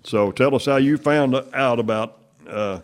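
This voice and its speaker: A man's voice: mid-range voice, measured pace. A man hosting a casual interview, who backs his guest with short yeahs and amens. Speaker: host.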